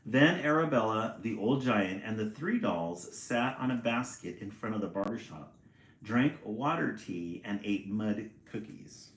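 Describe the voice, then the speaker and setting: A man reading a picture book aloud on a livestream, chatty and quick to laugh, greeting viewers between pages. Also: lowish voice, animated, a bit bright, a little hiss or hum. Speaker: storyteller and livestream host. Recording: roomy echo.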